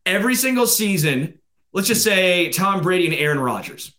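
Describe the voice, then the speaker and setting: A man's voice: high-pitched, sing-song, normal speed, sharp tone. A man co-hosting a casual sports podcast, laid-back and joking, who pushes back in debate. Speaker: podcast co-host.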